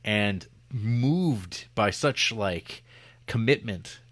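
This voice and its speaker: Brief: male podcast co-host, low voice, rambling and jokey, dry close-mic sound. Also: animated, drawn-out words, a bit bright, no echo. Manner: rambling, jokey, lots of fillers and restarts. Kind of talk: casual film review chat.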